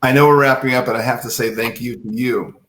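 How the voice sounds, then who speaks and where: A man speaking as a guest in a live video-call interview, halting and repeating words as he searches for them. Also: medium pitch, steady tone, fairly bright tone, a little hiss or hum. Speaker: guest from a nonprofit network.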